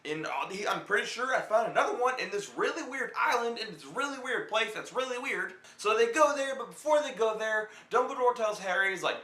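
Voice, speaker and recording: A man's voice: sits high, animated, fairly quick, hardly any pauses, sharp tone, echoey room. A young man giving a rambling, profane, joking film review as a vlog host.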